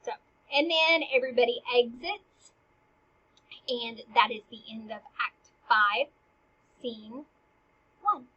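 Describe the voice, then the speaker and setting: Husky woman retelling a play casually. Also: fairly high pitch, takes it slowly, long pauses, bright, forceful tone. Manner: slangy, chatty retelling. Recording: dull lo-fi recording.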